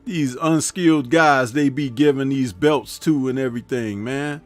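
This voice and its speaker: A man's voice: medium pitch, measured pace, soft background music. A man hosting a casual live stream. He reads viewer comments aloud, talks back to them, laughs at his own jokes and keeps tagging his remarks with "huh?". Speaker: host.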